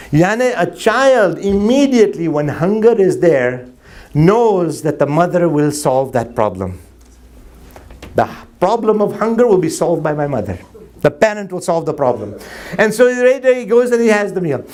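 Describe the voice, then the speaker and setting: Male preacher, high-pitched, animated storyteller who banters with his audience. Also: normal speed. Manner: animated, jokes with audience, acts out dialogue. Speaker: Muslim preacher. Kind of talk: sermon with anecdotes. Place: mosque hall before a crowd.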